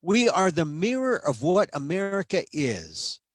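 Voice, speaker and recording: A man's voice: high voice, sing-song, no room sound. Man reading history aloud, dry sound. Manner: measured reading broken by casual comments and small restarts. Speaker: guest speaker reading from a history book. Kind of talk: reading aloud with spoken asides.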